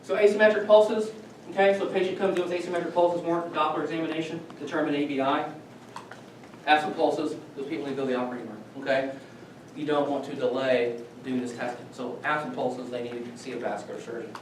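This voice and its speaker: A man delivers a casual classroom lecture, checking in with his students constantly. His voice sits a little high for a man. He is picked up from far off in a very echoey room, with a faint hiss underneath. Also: steady tone, fast talker. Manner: conversational, repeats okay as a check-in.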